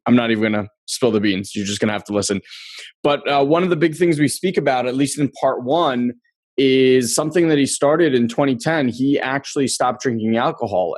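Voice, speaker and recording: A man's voice: mid-range voice, a little mellow, no room sound, studio quality. A man hosting a podcast in casual interview chat, upbeat and chatty, laughing often. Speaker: podcast host.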